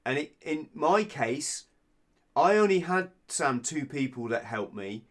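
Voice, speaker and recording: A British man telling his story as a podcast guest, blunt and sweary, with frequent halting restarts. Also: fairly high pitch, very animated, fairly bright tone. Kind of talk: casual candid storytelling.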